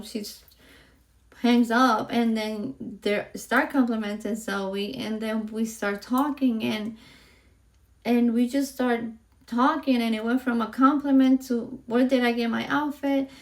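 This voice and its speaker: A woman hosting her own podcast, telling a personal story slowly and with feeling. Her voice sits a little high and has a gravelly, fried edge. She rambles, fills pauses with "um" and "like," and sounds close to tears at times. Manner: heartfelt, rambling, frequent fillers. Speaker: podcast host.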